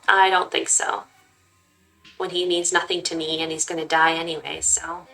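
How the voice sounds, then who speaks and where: A woman reading a text-based game aloud in an expressive way and stopping to make casual remarks. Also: deep voice, moderate pace, vocal fry, soft background music, rough recording. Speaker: gaming channel host. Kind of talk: reading a visual novel aloud with comments.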